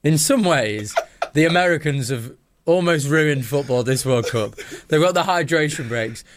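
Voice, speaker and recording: A man's voice: a little high, expressive, normal speed, noisy background. A man from England co-hosting a casual football podcast, ranting animatedly and repeating himself for emphasis. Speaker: podcast co-host. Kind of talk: casual banter.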